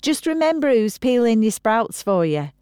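A woman's voice: a little high, very animated, normal speed, dark tone, smooth, no room sound, pitched above the performer's own voice. An indignant, bantering mum, as a woman reader plays her, her voice raised above the narrator's own. She bickers back with mock outrage, read close and dry. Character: middle-aged mother, quick to bicker back.

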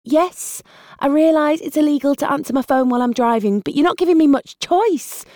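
A woman's voice: sits high, a little mellow, dry recording, clean studio sound, pitched above the performer's own voice, close to an everyday voice. Woman voicing a frazzled British woman on the phone. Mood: exasperated. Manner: brisk, exasperated, talking fast on the phone. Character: harried young woman juggling phone calls while driving. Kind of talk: audiobook character voice.

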